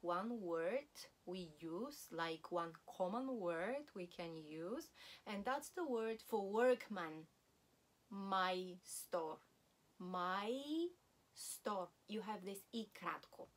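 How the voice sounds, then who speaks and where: Slow-paced woman teaching vocabulary. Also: mid-range voice. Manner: slow, deliberate, repeats words for practice. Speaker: language teacher. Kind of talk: language lesson.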